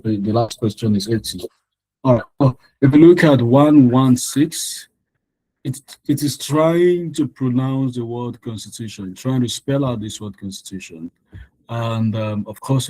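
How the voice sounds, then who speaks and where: A man leads an online exam-prep lesson, working through answers on a shared screen. His voice is mellow and dark, and it sounds dry and close on a computer mic. He explains patiently, repeating phrases and restarting sentences with plenty of ums. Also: mid-range voice, dry recording, rough recording. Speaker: exam tutor.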